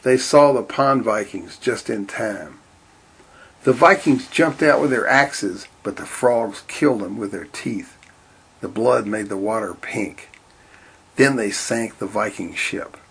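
A man reading a storybook aloud in a steady, deadpan way. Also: lowish voice, takes it slowly, vocal fry, breathy edge. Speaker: narrator.

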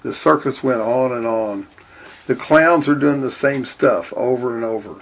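A man reading a children's-style story aloud in a deadpan, matter-of-fact way. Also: medium pitch, unhurried. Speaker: narrator.

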